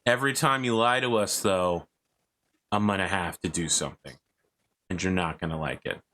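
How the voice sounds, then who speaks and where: A calmly menacing male interrogator in a tabletop game, with a deep voice and a bright, forceful edge, as a game master puts him on. He makes quiet, measured threats.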